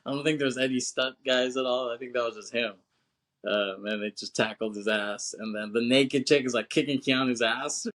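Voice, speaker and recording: A man's voice: medium pitch, moderate pace, a bit bright. Man in rambling, profane podcast banter. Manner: rambling, profane, laughing often, acts out film lines. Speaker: podcast co-host. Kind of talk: casual film chat.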